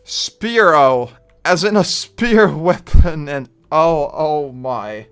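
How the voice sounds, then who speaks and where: A man with a Dutch accent chatting through a live game stream, rambling and getting loudly frustrated at times. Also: fairly high pitch, animated, slow pace, clear, resonant tone, soft background music. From Netherlands. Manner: chatty, bursts of frustration, trailing off.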